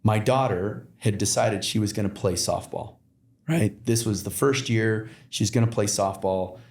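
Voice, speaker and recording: A man with a somewhat low voice tells stories as a podcast guest, halting often and restarting his sentences. The recording has a roomy, echoing sound. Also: darkish tone. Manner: rambling storyteller with many fillers and restarts. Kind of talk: casual conversation. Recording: roomy echo.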